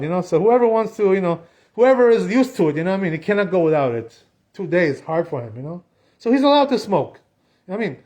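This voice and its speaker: Man, rabbi, high voice, casual class in a synagogue, chatty, lots of "you know". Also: darkish tone.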